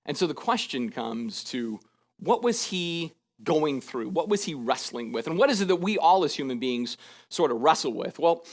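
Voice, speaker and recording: A man's voice: on the high side, moderate pace. Conversational preaching man acting out scripture. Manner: conversational, acts out scripture in lively paraphrase; frequent rhetorical "right?" asides. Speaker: pastor. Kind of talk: sermon.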